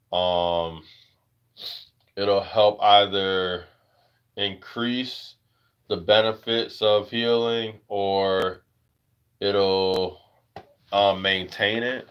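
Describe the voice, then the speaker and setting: A man's voice: lowish voice, clean tone. Rambling American man on a dull lo-fi stream. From United States. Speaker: livestream host. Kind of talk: casual livestream chat.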